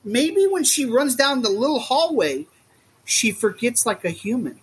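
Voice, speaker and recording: A man talking as a guest in a casual podcast chat, rambling and animated, often acting out what others say. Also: very high voice, unhurried, husky. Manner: rambling and animated, acts out quotes. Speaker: guest, reptile keeper.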